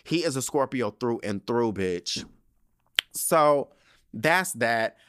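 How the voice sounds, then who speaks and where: A man hosting a casual solo podcast, recapping a TV episode in an animated, profane, slang-filled way with dramatic asides. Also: mid-range voice, slow pace, clean tone, no room sound, studio quality.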